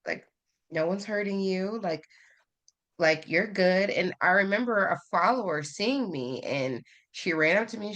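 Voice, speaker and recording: Her voice is fairly low in pitch, pushed and bright, moving at a moderate pace. She's a woman guest chatting casually on a podcast, telling a personal story candidly with frequent fillers.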